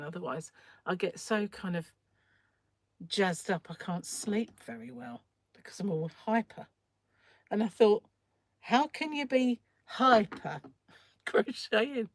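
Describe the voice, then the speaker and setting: A croaky woman hosting a casual crochet livestream from home, chatting and rambling while she works and often clearing her throat. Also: lowish voice, dry recording. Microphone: phone.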